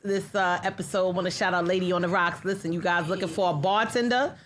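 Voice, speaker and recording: Woman podcast host, slight lisp, lower voice, loose and jokey, trips over words. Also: fairly even intonation, fairly quick, a bit bright, a little hiss or hum. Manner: loose, laughing, self-teasing, stumbles over words. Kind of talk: casual interview chat.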